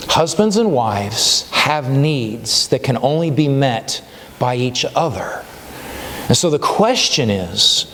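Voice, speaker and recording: This man speaks at a medium pitch with a somewhat bright tone, slight background noise behind him. As a pastor in a church sanctuary, he gives a conversational sermon peppered with "right?" check-ins and restarts, echoing through a church hall with long reverb.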